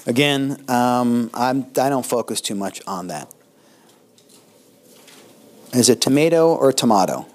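A man's voice: mid-range voice, a little hiss or hum. Older man lecturing a class casually. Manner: conversational, with pauses and restarts, lively swings in loudness. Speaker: instructor.

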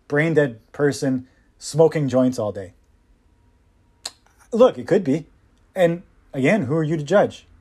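A man's voice: a little high, dark tone, slightly rough. A man hosting his own podcast, giving impassioned, sarcastic solo commentary with mocking asides. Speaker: podcast host.

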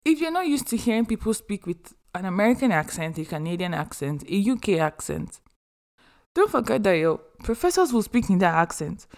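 A young woman talks straight to her listeners in a mid-pitched voice. She is chatty and expressive and slips humorous asides into her advice. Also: brisk. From Nigeria. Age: young adult. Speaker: podcast host. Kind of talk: casual advice monologue.

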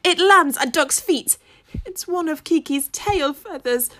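A woman's voice: high voice, expressive, a little slow, a bit bright. A woman narrating a children's story expressively in the first person, using childlike grammar. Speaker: audiobook narrator.

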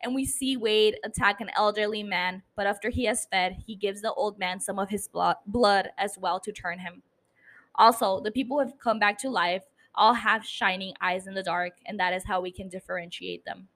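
A woman's voice: medium pitch, steady tone, moderate pace, a bit bright. A woman hosting a podcast, recapping a TV episode in casual, chatty talk with casual swearing and self-mocking laughs. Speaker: podcast host.

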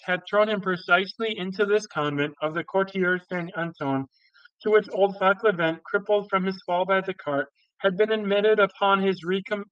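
A man reading a classic novel aloud in a steady voice, with occasional slips and restarts. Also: sits high, clear, resonant tone, no echo, dull audio. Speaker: audiobook reader.

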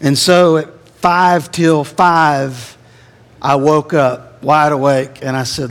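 A middle-aged man delivers a sermon at an unhurried pace, his voice sitting a little high. He tells a personal story, swelling at its peaks and sinking low and quiet. A long reverb of a large hall trails each phrase. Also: steady tone, smooth. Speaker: pastor.

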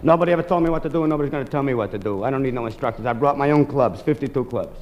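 A man's voice: mid-range voice, rapid-fire, highs cut off, voice pushed down, natural voice. Guy doing a boastful self-made tough guy, blustery, hissy old radio. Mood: stubborn. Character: gruff self-made man, stubborn and boastful. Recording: hissy 1950s radio recording.

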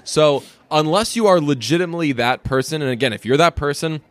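A man's voice: a little high, brisk, dry recording. A young man from the Boston area with a faint Boston accent, ranting in casual sports talk as podcast co-host, swearing freely. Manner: profane, ranting, emphatic.

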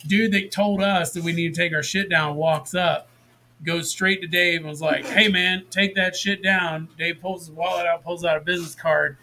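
A man's voice: fairly high pitch, moderate pace. Profane man telling a wild story. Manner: profane, animated storyteller acting out quotes. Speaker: podcast host. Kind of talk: casual storytelling chat.

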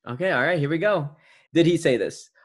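A man's voice: a little high, brisk. A man hosting a casual podcast chat, playful and quizzing his co-host, laughing often.

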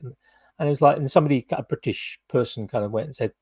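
A man's voice: medium pitch, fast talker, a little mellow, husky, no room sound. A British man co-hosting a podcast, telling rambling anecdotes in casual chat with lots of fillers and restarts. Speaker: podcast co-host.

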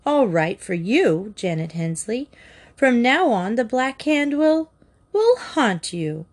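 A bold, headstrong girl who leads her secret club with earnest drama, as a woman reads her lines. The delivery is slow and measured, as in a storybook. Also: on the high side, big pitch swings, pitched above the performer's own voice, heavily acted.

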